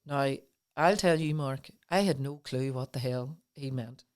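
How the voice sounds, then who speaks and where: A woman's voice: a bass voice, unhurried, a little mellow. A middle-aged woman, a podcast guest telling her own story earnestly and with feeling. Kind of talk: personal storytelling in a podcast interview.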